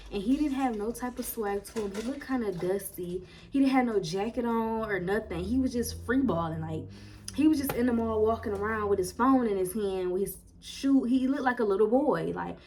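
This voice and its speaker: Young woman in her twenties, fairly high voice, animated casual storytime vlogger. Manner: animated, chatty, lots of "like" and slang.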